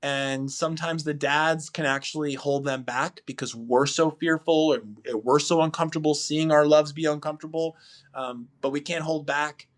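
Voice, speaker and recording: A man on a podcast telling a long, animated story about a life experience in casual chat, rambling with many fillers. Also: on the high side, moderate pace. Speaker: podcast guest, husband.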